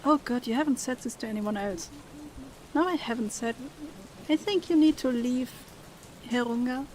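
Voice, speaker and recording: A woman's voice: a little high, normal speed, darkish tone, a little hiss or hum. Woman reading game dialogue aloud. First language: German. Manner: reads dialogue expressively, then chats casually. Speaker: streamer. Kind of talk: let's play, reading game dialogue aloud and chatting with viewers.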